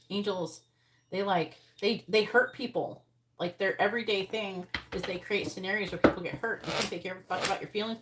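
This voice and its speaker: A woman doing a live tarot reading, talking bluntly and swearing, sounding angry while she talks through the cards. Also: on the low side. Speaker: tarot reader. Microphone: earbuds. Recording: loud background noise.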